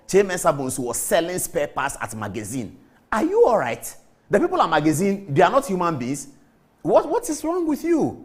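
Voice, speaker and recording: A man with a Ghanaian accent hosting a TV commentary show, impassioned and emphatic, hammering his points with repetition. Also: sits high. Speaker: TV show host. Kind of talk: studio commentary.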